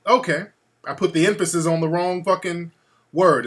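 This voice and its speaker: A man's voice: sits high, steady tone, normal speed, a bit bright. A man hosting a call-in talk show, chatting loosely and cursing freely. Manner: profane, loose and conversational. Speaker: radio talk show host.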